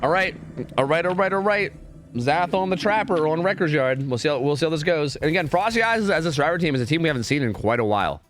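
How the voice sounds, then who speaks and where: A man casting game scrims on a live stream in a casual, chatty way, often repeating words in quick bursts. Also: a little high, animated, a bit bright, slight background noise.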